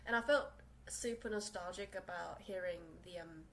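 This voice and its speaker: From her small room, a young woman from South Korea hosts a laid-back solo podcast in English, which isn't her first language, rambling along with lots of fillers and restarts. She talks at a normal pace in a lowish voice, and the rough recording has a little hiss or hum.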